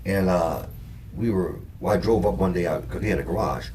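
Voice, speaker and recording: Low-voiced man telling stories, mic far off. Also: brisk. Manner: animated, profane, acts out quoted dialogue. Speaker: talk show co-host. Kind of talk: casual storytelling chat. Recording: distant mic with faint background noise.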